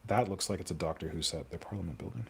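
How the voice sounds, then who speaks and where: A man's voice: low-pitched, quick pace, vocal fry, slight background noise. A young man chatting casually on a live stream while he sculpts, rambling and answering viewer comments aloud.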